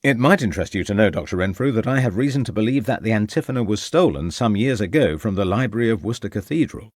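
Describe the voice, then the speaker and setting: A man voicing a shrewd Victorian police inspector who questions people in a formal, measured way. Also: fairly low pitch, lively intonation, no echo, studio quality.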